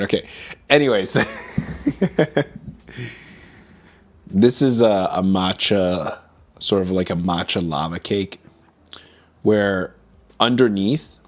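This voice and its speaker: A man streaming as a vtuber, chatting casually about food and reading chat, switching between English and Mandarin. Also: deep voice.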